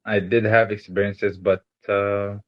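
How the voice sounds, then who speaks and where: A man's voice: fairly low pitch, little pitch movement, unhurried, muffled recording. A man from Egypt answering interview questions, hesitant, with many fillers and restarts.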